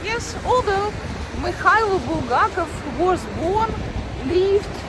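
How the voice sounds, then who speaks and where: Ukrainian woman, 40s, vlogger; very high voice, unhurried delivery, earnest and halting. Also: animated, background noise. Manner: earnest, halting, with frequent pauses and sighs. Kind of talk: personal storytelling to camera.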